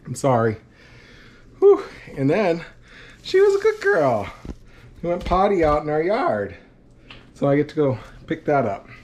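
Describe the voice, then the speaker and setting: Out on a hot dog walk and later in a car, a man chats casually into a handheld action camera for his daily vlog, occasionally breathless. His slightly mellow voice swings widely in pitch at normal speed with long pauses, over a little hiss or hum, and he coos to his dog in high sing-song baby talk.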